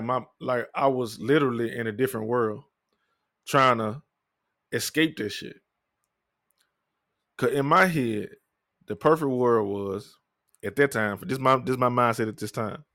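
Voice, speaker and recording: A young man telling his life story in a candid, profane, rambling way, often low-key and downcast. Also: a bit bright, no room sound, clean studio sound. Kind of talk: personal storytelling monologue.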